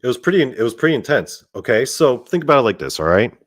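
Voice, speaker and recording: A man telling a story in a casual monologue, animated and profane, with lots of "like" fillers. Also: mid-range voice, fast, dry recording. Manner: animated and profane, heavy use of "like". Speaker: storyteller host.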